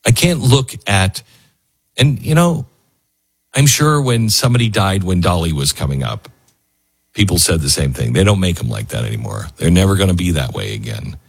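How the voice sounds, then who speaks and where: This radio host's voice is low, expressive, and slightly rough at a moderate pace, with no echo. Talking casually on air, he stays loose and emotional, using lots of fillers and frequent restarts.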